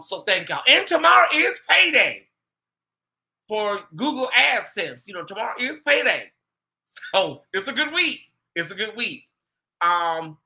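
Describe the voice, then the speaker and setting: A man hosting his own show, chatting casually and gossiping with his viewers in an animated, talkative way. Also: sits high. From United States. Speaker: host.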